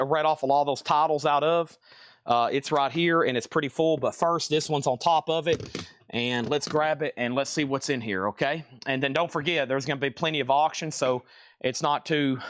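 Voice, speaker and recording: A man's voice: a little high, steady tone, normal speed, fairly bright tone, no room sound. A man hosting a live sale stream, rambling and talking to himself as he works, a bit out of breath. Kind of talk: casual live-stream chat.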